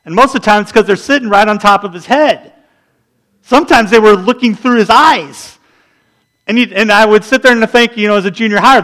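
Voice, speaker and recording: A man in his forties preaching a sermon, telling animated stories and acting out the people in them. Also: high voice, fairly quick. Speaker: pastor.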